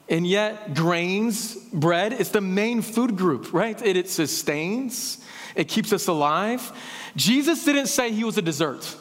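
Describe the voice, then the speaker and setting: A man preaching a sermon as a pastor, with lively asides and jokes. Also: high-pitched. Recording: long hall reverb.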